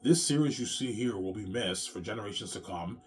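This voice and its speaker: Agitated low-voiced man ranting profanely. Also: fairly quick, few pauses, a little mellow, a little hiss or hum. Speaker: channel host. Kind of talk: profane rant to camera.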